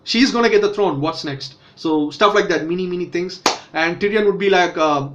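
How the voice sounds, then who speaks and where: A man's voice: on the high side, fast talker, a bit bright, muffled recording, slight background noise. A man casually reviewing a TV episode, rambling with fillers and restarts. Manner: rambling, many self-corrections and fillers. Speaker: TV show reviewer.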